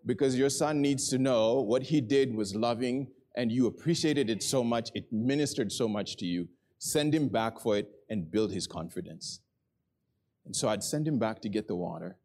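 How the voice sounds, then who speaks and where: A middle-aged man preaching a sermon in a church, telling a story with earnest energy that settles into quiet, prayerful tones. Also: mid-range voice, normal speed. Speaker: pastor. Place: church hall with a congregation.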